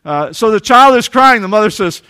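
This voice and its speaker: A male pastor with a high voice preaches with earnest conviction. He swings from lively emphasis to hushed, tender passages. His voice sounds dry and close, with no room around it. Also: a little fast, smooth, dry recording. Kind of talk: sermon.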